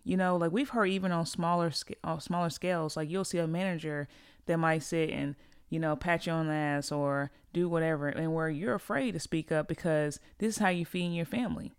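A woman's voice: deep voice, fairly even intonation, brisk, clear, resonant tone, dry recording, clean studio sound. A woman hosting a podcast, giving a blunt, profane and heated opinion monologue in a casual way. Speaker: podcast host.

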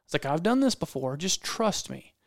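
A man's voice: fairly high pitch, very animated, normal speed, gravelly, dry recording, clean studio sound. A man telling a hunting story in casual talk, acting out quotes and repeating phrases for effect. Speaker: podcast guest storyteller, hunting videographer.

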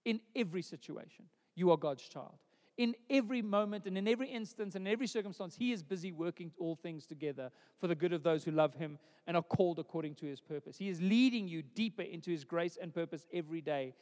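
A man's voice: high-pitched, quick pace, darkish tone, long reverb tail. A pastor preaching a sermon in a conversational way, repeating words as he builds each point.

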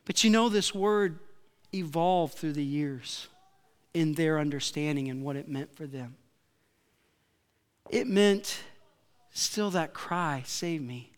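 A man preaching a sermon as pastor, telling stories with lively acted-out quotes and shouting at the peaks. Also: on the high side, slow pace, pauses often, clear, resonant tone, long reverb tail. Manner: animated storytelling, acting out quotes, shouting at peaks. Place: church.

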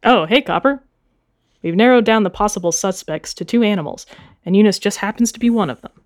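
A woman's voice: mid-range voice, brisk, a little mellow, lightly acted. A woman voicing a brash male chicken police officer, sarcastic and pushy.

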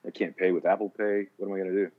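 A man's voice: deep voice, rapid-fire, narrow, tinny audio. A man from New York, co-hosting a podcast in casual, joking chat. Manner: joking, animated storytelling. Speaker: podcast co-host.

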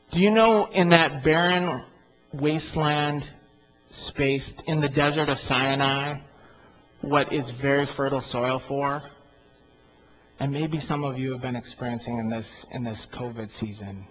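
Male pastor mid-sermon, expressive with emphatic bursts, a touch high-pitched, dull recording. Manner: animated, rising to loud emphatic peaks.

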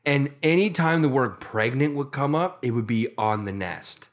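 A man's voice: medium pitch, moderate pace, few pauses. A man co-hosting a casual comedy podcast from Canada, joking and acting out silly bits. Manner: animated, does silly voices for bits. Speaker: podcast co-host.

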